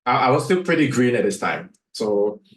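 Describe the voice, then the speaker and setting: Questioning Singaporean sales coach, echoey room. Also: male voice, medium pitch, lively intonation, moderate pace. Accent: Singaporean English. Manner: rhetorical, fires off questions at listeners. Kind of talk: teaching sales to viewers.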